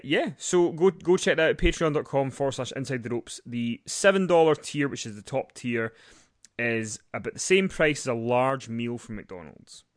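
A man's voice: medium pitch, no echo, studio quality. A man hosting a podcast, wry and hesitant, repeating words as he talks. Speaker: podcast host. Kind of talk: casual podcast chat and sign-off.

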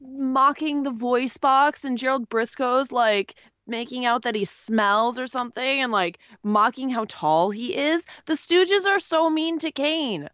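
A woman co-hosting a casual recap podcast, opinionated and animated with quick asides. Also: high-pitched, no room sound, muffled recording. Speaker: podcast co-host. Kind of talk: casual chat recapping wrestling.

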